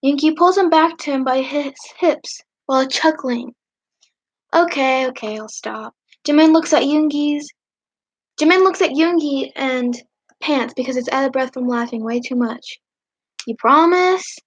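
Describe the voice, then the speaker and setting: A woman hosting a livestream, casually reading fanfiction aloud. She breaks in with giggly, chatty asides and clears her throat now and then. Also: high voice, fairly even intonation, moderate pace. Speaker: livestream host. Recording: dull lo-fi stream audio.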